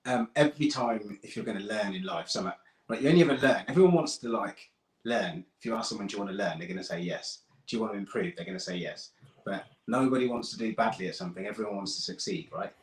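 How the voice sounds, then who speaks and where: A British man, a guest comedian, chatting in a relaxed, rambling way and often tagging his points with "right?". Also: fairly low pitch, fast talker, echoey room. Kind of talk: casual chat.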